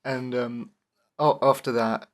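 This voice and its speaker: A man co-hosts a relaxed podcast chat about a film script. He retells scene after scene, keeping it loose and chatty. He laughs often as he goes. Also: medium pitch, slow. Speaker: podcast co-host. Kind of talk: casual review chat.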